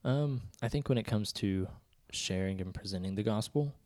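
A man co-hosting a podcast, talking casually about faith and often pausing to search for words. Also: on the low side, darkish tone. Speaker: podcast co-host.

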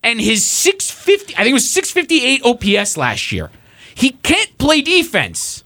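A man's voice: very high voice, wildly swooping pitch, measured pace, bright, forceful tone, dry recording. A young man co-hosting a sports podcast, ranting sarcastically and swearing as he builds up heat. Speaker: podcast co-host. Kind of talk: casual sports podcast rant.

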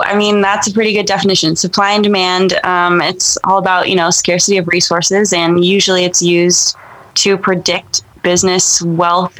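Female podcast guest, relaxed and explanatory, lightly teasing; remote call. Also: on the low side, low-quality recording. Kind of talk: casual conversational podcast.

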